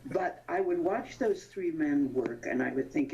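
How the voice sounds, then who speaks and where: Older woman in her 80s, low voice, animated anecdotes, muffled lo-fi sound. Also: measured pace, a little hiss or hum. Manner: animated storyteller, laughs often, searches for names. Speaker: interview guest, veteran actress. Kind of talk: anecdotal reminiscing. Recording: dull lo-fi sound.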